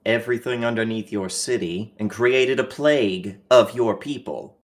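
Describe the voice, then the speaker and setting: Blunt, lower-voiced player. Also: male voice, moderate pace. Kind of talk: casual in-character role-play.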